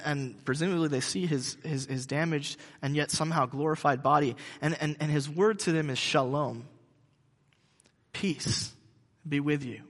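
A male pastor giving a conversational sermon, halting with frequent restarts. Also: on the high side, fairly bright tone, long reverb tail.

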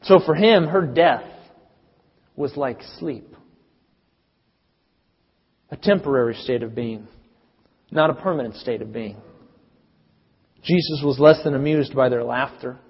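A man preaching a sermon, telling the story dramatically with big swings in loudness. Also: mid-range voice, unhurried, long pauses, slightly rough. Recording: dull sound with long reverb.

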